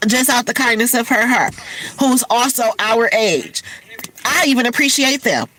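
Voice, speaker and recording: A fairly high-pitched woman with an expressive, sharp tone speaks at normal speed during an emotional, casual livestream. She's teary and sniffly from crying, candid with viewers she calls y'all, and the low-quality recording carries slight background noise.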